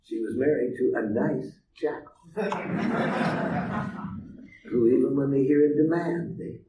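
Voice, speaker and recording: A man's voice: medium pitch, slow pace. A man leading a workshop with role-play, teaching in a playful, teasing storytelling manner. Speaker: workshop leader. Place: workshop room. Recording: echoey room from far off, faint hiss.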